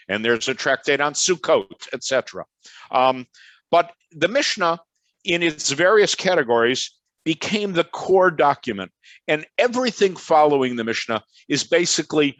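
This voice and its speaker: A man's voice: fairly high pitch, a bit bright, no room sound, low-quality recording. An older man from Chicago with a Chicago accent, a professor giving an online lecture over a video call in a conversational, anecdotal way that often wanders. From Chicago, USA.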